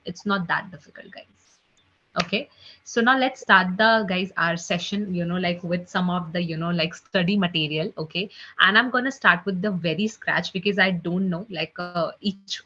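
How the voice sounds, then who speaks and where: A woman teaching an online French class, chatty with many "you know, like" fillers, drilling each sound slowly and repeating it. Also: fairly low pitch, pushed and bright. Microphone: computer mic on a video call. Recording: slightly dull lo-fi call audio.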